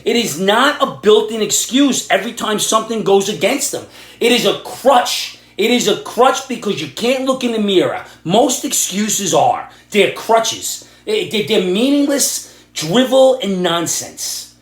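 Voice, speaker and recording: A middle-aged man from Ireland, ranting loudly and sarcastically about the news in a vlog. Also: high-pitched. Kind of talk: angry political rant vlog. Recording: echoey room.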